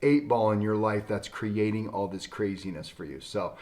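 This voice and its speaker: A man's voice: fairly low pitch, moderate pace, a little mellow. A man who works as a chiropractor, talking casually to camera in a folksy, storytelling way with emphatic turns.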